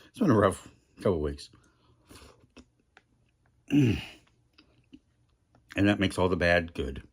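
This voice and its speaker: A man's voice: low voice, sing-song, slow, breathy edge. A middle-aged man rambling through a casual food review vlog, chatty and self-deprecating, talking with his mouth full.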